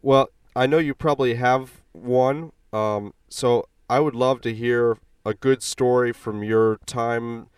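Smooth-voiced male interviewer, a bit off-mic. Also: mid-range voice, steady tone, takes it slowly, hardly any pauses, no echo, studio quality, recorded from a distance. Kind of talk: casual interview questions.

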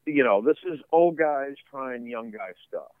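A man's voice: medium pitch, lively intonation, unhurried, no echo, narrow, tinny audio. A man talking casually as a musician guest in an interview, rambling with lots of fillers and laughs. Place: home basement studio.

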